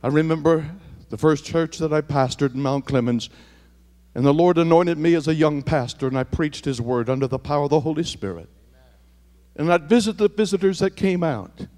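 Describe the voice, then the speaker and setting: A male pastor preaching a sermon, dropping to near whispers and building to shouted, repeated refrains. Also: fairly high pitch, in a large hall. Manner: swings from hushed to shouted, repetitive preaching cadence.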